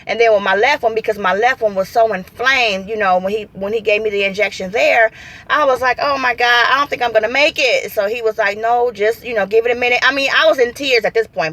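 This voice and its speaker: A woman's voice: medium pitch, a bit bright. A woman vlogging from her parked car, chatting animatedly and acting out quotes as she tells a story. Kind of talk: casual storytelling vlog. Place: parked car in a parking lot.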